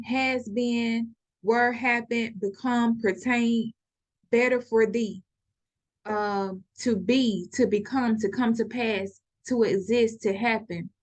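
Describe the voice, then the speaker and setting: A woman teaching a scripture study over her screen, slowly reading out word definitions with many pauses and fillers, and growing insistent when she preaches. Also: a little high, a bit bright. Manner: slow, reads definitions aloud, many fillers. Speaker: religious teacher.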